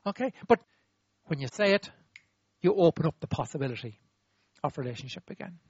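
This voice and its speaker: A man with a high voice preaches with animated, demonstrative energy, acting out apologies and drawing the audience in. The sound is dry and a little dull. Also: brisk, slightly rough, dry recording. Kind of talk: sermon.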